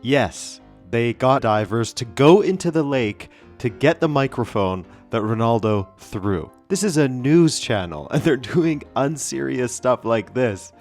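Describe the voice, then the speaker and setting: A man's voice: mid-range voice, animated, a little slow, hardly any pauses, a little mellow, faint music behind. A man hosting a casual football vlog, talking in a rambling, stream-of-consciousness way with wry, opinionated asides. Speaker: football channel host.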